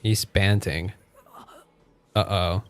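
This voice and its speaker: A man's voice: sits low, fairly even intonation, drawn-out words. A male streamer casually commenting on a game as he plays and chatting with his viewers. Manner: chatty, reactive, talks to chat. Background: faint game music.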